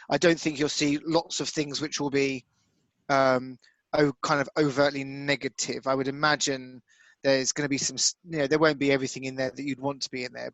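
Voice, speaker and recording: A man's voice: mid-range voice, fairly bright tone, no room sound, poor audio. A man chatting casually on a football podcast, hesitant, with frequent restarts. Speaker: podcast co-host. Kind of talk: casual chat.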